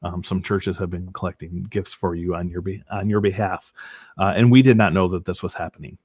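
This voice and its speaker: Man, very low voice, dry close sound; earnest podcast guest sharing faith testimony, halting with restarts. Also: fairly even intonation, a little mellow, husky, no room sound. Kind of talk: personal faith testimony in an interview.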